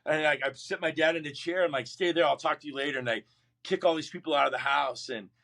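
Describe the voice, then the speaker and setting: A middle-aged man tells his story as an interview guest, his voice sitting a little high. He talks in an animated way and slips into the voices of the people he remembers. He often restarts his sentences. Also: quick pace, vocal fry. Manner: animated, acts out quoted voices, frequent restarts. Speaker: guest, Marine veteran.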